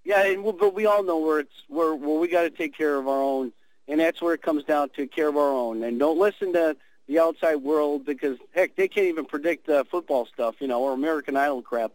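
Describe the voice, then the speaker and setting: A man's voice: a little high, brisk, rough recording. A man calling a radio show and chatting casually, in a rambling way. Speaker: caller. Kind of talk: casual chat.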